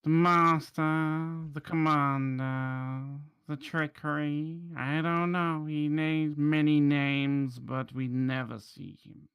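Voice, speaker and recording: Guy doing a nervous gnome shopkeep, cagey, slow talker, tabletop game. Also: fairly high pitch, steady tone, fairly bright tone, smooth, voice pushed up. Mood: fearful. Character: frightened evasive male gnome shopkeeper. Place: online voice call.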